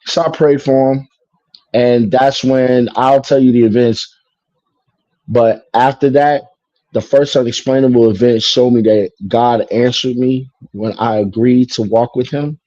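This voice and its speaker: A man from Chicago tells a personal story in an easy, casual way, acting out the lines people said and filling in with "you know." His voice is warm and mellow. The recording is dry and slightly muffled. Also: mid-range voice, steady tone, a little slow, no room sound. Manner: acts out dialogue, lots of "you know".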